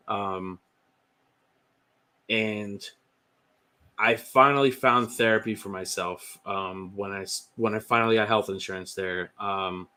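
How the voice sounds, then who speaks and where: Candid man with a bright tense voice. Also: lowish voice. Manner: candid storytelling with many fillers. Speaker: podcast guest. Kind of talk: personal testimony.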